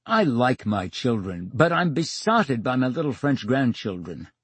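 Older man, radio guest, lively animated pitch, slightly husky, dry studio sound. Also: unhurried, dry recording. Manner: theatrical storyteller, acts out dialogue, wry. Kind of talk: storytelling in a radio interview.

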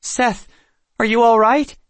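A man's voice: on the high side, steady tone, normal speed, breathy edge, no room sound. A man reading an audiobook, voicing a determined, protective teenage girl in an urgent, pleading way. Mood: worried. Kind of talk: audiobook character voice.

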